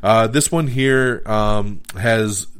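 A man's voice: fairly low pitch, slow pace, clear, resonant tone. A man hosting a podcast, giving casual movie reviews in a hesitant way with lots of fillers and restarts.

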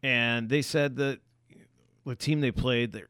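A man's voice: mid-range voice, fairly even intonation, unhurried, a bit bright, clear, resonant tone, no room sound, clean studio sound. A man co-hosting a podcast, reacting bluntly and telling his own story with swearing. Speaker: podcast co-host. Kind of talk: casual chat.

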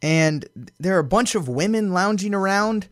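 A man hosting a casual podcast, recapping a wrestling show with amused storytelling and lots of fillers. His voice sits a little high for a man and sounds dry and close to the mic. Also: normal speed, no echo. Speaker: podcast host.

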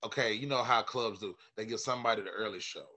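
Comedian guy telling road stories, bright forceful voice, cussing, acting out bits. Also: on the low side, fast. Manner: animated, profane, acts out quoted voices loudly. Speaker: stand-up comedian, podcast guest. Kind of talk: casual storytelling chat.

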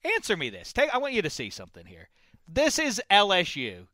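A man hosting a comedy interview segment, playful and mock-serious, breaking into loud exclamations. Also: sits high, huge pitch swings, brisk, no echo. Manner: jokey, bursts into loud exclamations. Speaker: comedy show host.

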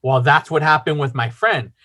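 A man's voice: fairly high pitch, normal speed, pushed and bright. A man casually telling a long personal story, rambling with lots of fillers and swearing.

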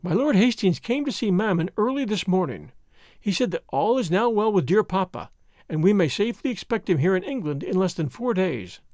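A man voicing an excitable, chattering young French noblewoman in a storybook reading, gushing along breathlessly. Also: sits high, fairly quick, no echo, studio quality. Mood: excited.

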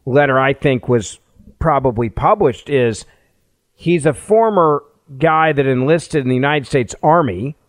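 A man's voice: medium pitch, animated, unhurried, no echo. A man co-hosting a podcast, explaining things earnestly in casual chat and often restarting his phrases. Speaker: podcast co-host.

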